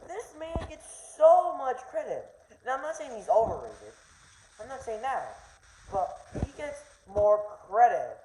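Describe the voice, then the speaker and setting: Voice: medium pitch, big pitch swings, a little slow, dark tone. Young rambling sports ranter, roomy echo. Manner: rambling, stumbling, heated. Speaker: vlogger. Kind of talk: casual rant. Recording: roomy echo, faint noise.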